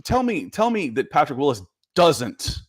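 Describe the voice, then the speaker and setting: A man's voice: a little high, very animated, moderate pace, slightly rough, no echo, clean studio sound. A man co-hosting a live sports podcast, telling stories with animation and reading viewer comments aloud. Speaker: podcast co-host. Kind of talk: casual live-stream sports chat.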